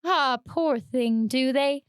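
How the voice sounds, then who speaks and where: Brief: sinister, oily barber, slow and wheedling, breaks into shrill outbursts, read aloud with a dry close sound, a woman doing the voice. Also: lively intonation, a bit bright, no echo.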